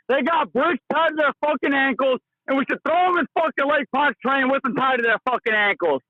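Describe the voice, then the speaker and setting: A man's voice: very high-pitched, a little fast, few pauses, dry recording. A man calling a sports talk show, ranting furiously and cursing at every turn, heard over a phone line. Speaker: caller. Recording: tinny phone line, dry.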